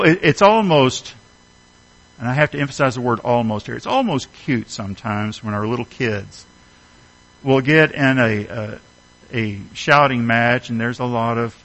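A man's voice: mid-range voice, normal speed, a bit bright, rough recording. A middle-aged man preaching a sermon, earnest and emphatic, asking his listeners rhetorical questions. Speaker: pastor.

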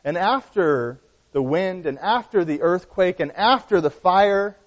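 A man with a fairly high voice preaches a sermon, explaining a Bible passage earnestly and often stopping to rephrase. His words ring out in a church hall with a long reverb. The recording is dull and lo-fi. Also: lively intonation, unhurried. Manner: earnest Bible teaching with frequent restarts.

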